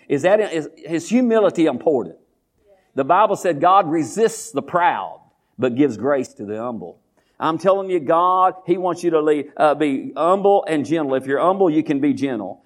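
A man preaching a sermon as pastor, folksy, calling out to his congregation and reading scripture slowly and deliberately. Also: on the high side. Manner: folksy, call-and-response with congregation.

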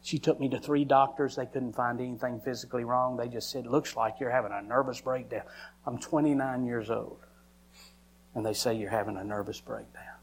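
Man, preacher, testimony sermon, dramatic storytelling, mid pitch. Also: fairly even intonation, brisk, a little hiss or hum. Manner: dramatic storytelling, acting out his own cries.

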